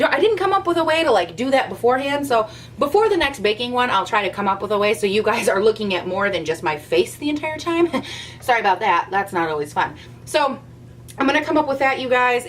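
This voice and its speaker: A young woman chatting casually to her camera at home as a vlogger, animated and a bit out of breath, with playful rants. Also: a little high, slight background noise. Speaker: beauty vlogger.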